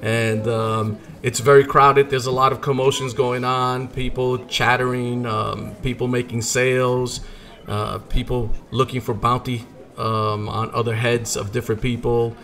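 A man's voice: medium pitch, little pitch movement, unhurried, fairly bright tone. Rambling male game master. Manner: loose, rambling, many fillers. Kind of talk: narrating a tabletop game.

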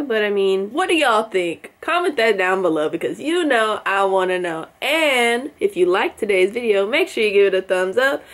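A young woman hosting a reaction video, chatting in a baffled, talkative way and sometimes dropping to a whisper. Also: medium pitch. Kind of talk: casual reaction commentary.

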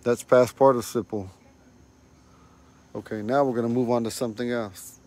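A man teaching a casual online language lesson, recorded on a phone at home, saying each word slowly and repeating it for learners. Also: medium pitch, fairly even intonation, darkish tone, a little hiss or hum. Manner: slow, repeats words for learners.

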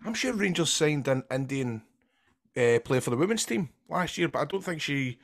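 A man's voice: on the high side, expressive, normal speed. A Scottish man hosting a football podcast, easygoing and chatty. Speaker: podcast host. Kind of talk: casual podcast chat.

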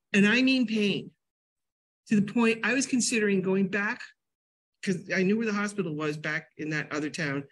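An older woman from New England giving a casual health talk at a library, a chatty, animated storyteller. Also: medium pitch. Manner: chatty, animated storyteller with sudden loud jumps and laughs. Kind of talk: casual lecture with personal stories.

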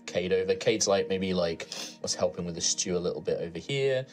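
A low-voiced British man runs a tabletop game, his pitch rising and falling a lot as he describes the scene. He talks in a relaxed, rambling way, full of fillers, with faint music underneath. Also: fairly quick. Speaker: game master.

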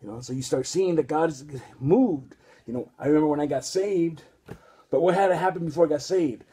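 A man's voice: a little high, brisk, dark tone, slightly rough. A man preaching a casual, rambling sermon full of restarts and street slang.

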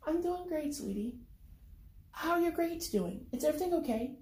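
A woman's voice: high voice, lively intonation, normal speed, mellow, voice pushed up. A woman doing a sweet, forgetful mother. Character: sweet, gentle middle-aged mother with early dementia. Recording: echoey room.

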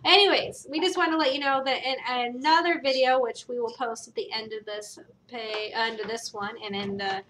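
A woman's voice: a little high, fairly even intonation, a little fast, hardly any pauses, a crowd in the background. A woman chatting casually while unboxing toys, rambling and thinking aloud as she goes. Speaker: co-host of a family toy review channel. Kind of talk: casual toy unboxing chat.

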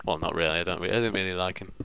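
A man's voice: low-pitched, fairly even intonation, rapid-fire, vocal fry, noisy background. A young man giving playful, rambling let's-play commentary, often mocking himself. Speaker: gaming video host.

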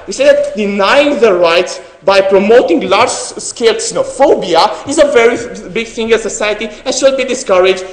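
A young man from Romania delivers a competitive debate speech in English, his second language. His voice sits high, and he talks earnestly but haltingly, full of fillers and self-corrections. The sound rings around a large, echoing hall. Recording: echoey hall.

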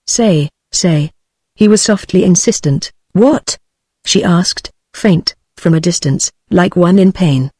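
A computer-generated woman's voice with a British English accent, reading a novel aloud at an even, synthetic pace. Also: on the low side, measured pace, hardly any pauses, breathy edge, no echo. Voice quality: synthetic, evenly paced. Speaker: audiobook narrator. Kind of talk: text-to-speech audiobook reading.

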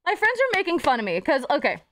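A woman's voice: high voice, huge pitch swings, fairly bright tone. A young woman streaming live, chatting casually with her chat, playful and profane. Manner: playful, swearing, quick jumps between topics.

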